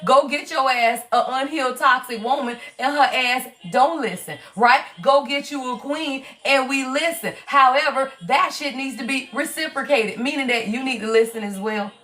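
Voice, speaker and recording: A woman's voice: high-pitched, moderate pace, hardly any pauses, a bit bright. A middle-aged Southern woman with a Southern accent, a tarot reader talking on a livestream in a blunt, profane, preachy way. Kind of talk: livestream talk.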